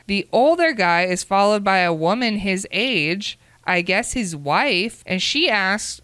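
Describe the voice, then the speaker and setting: A woman's voice: mid-range voice, lively intonation, unhurried, hardly any pauses, fairly bright tone, no room sound. A woman co-hosting a casual chat show, reading submitted dating stories aloud, acting out the quotes and adding her own comments. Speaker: podcast co-host reading stories.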